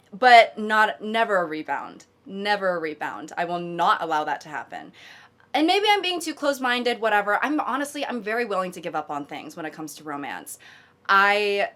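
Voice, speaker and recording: A woman in her twenties giving casual, sarcastic, animated commentary on viewer stories she reads out as a video host. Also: medium pitch. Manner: sarcastic, animated, exaggerated reactions.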